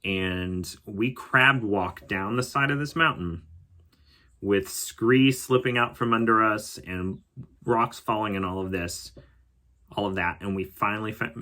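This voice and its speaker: A man calmly telling a personal story as a podcast host, reflective and unhurried. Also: low voice. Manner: calm, reflective storytelling with occasional laughs.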